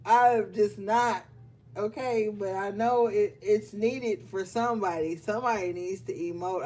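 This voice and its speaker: A woman's voice: mid-range voice, unhurried, slight background noise. Blunt, profane woman reading cards. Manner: blunt, profane, laughs often; scolding, animated. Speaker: tarot reader. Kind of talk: casual livestream card reading. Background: faint music.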